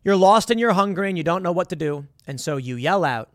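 A commentator walks the listener through a hypothetical scenario in a casual monologue, earnest and full of rhetorical questions. His high voice is expressive and brisk, captured in studio quality with no echo.

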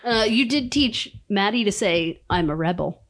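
A woman's voice: medium pitch, lively intonation, normal speed. A young woman chatting casually with family, playful and laughing often. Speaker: daughter, expecting a baby.

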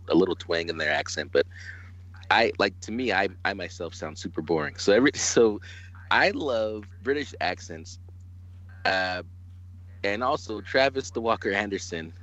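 A man from California hosting a casual chat, excitable and profane, often laughing. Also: sits low, fairly quick, dull audio. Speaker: podcast host.

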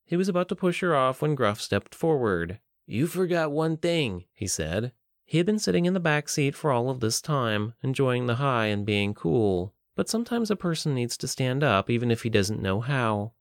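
A man reading a story aloud in a steady, even audiobook narration. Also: medium pitch, normal speed, dry recording, clean studio sound.

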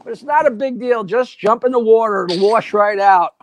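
A man voicing a mother calmly explaining things to her daughter in a joke. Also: sits high, moderate pace, a little hiss or hum, pitched below the performer's own voice. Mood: reassuring. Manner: calm, explanatory. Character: calm matter-of-fact mother texting her daughter.

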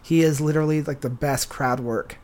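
A man's voice: fairly high pitch, steady tone, fairly quick, darkish tone. A man from San Diego, a stand-up comedian, chatting as a podcast guest in a loose, rambling way full of fillers and restarts. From San Diego, USA. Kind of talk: casual podcast chat.

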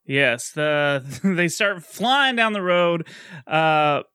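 A man casually retelling a film plot in chat, animated and quick to laugh. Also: fairly high pitch, clear, resonant tone, no echo. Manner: animated storytelling, laughs often. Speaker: podcast co-host recapping a film.

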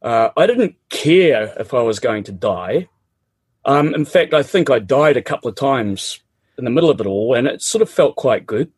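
Middle-aged Kiwi man, husky, dry close sound, lively colloquial storyteller. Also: mid-range voice, normal speed, no echo. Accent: New Zealand. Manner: animated, laughs often, colloquial. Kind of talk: casual personal storytelling.

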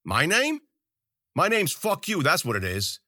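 A man voicing a defiant, foul-mouthed young thug who yells back at his captor. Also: mid-range voice, wildly swooping pitch, normal speed, no room sound, clean studio sound, voice pushed up, heavily acted. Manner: yelling, defiant, profane.

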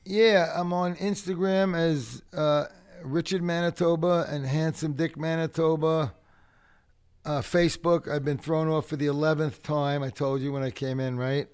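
A man, a podcast guest telling profane, animated stories. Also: a little high, moderate pace, clear, resonant tone. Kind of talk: storytelling chat.

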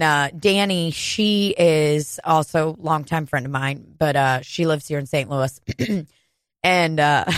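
A woman in her thirties from Kansas City, telling a casual, profane, animated story on a podcast. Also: sits low, no echo. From Kansas City, United States.

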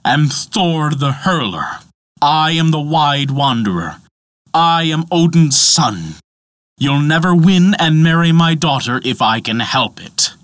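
A mighty thunder god speaks with commanding indignation, as a man puts him on for a told myth. His pitch runs lively and sits a touch high. The recording is close and dry. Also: moderate pace, hardly any pauses, no echo.

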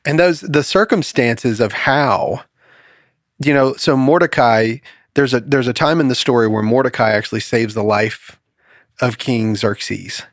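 A man hosting a casual Bible study podcast, telling stories with animated voices for the characters. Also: medium pitch, unhurried, no room sound, studio quality. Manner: animated storytelling, acts out characters. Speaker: podcast host.

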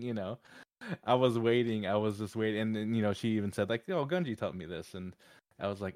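A man with a low voice co-hosts a casual fan podcast, joking and laughing often. His voice sounds close and dry, with no room around it. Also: fairly quick, a little mellow, no echo. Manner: jokey, laughs a lot. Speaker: podcast co-host.

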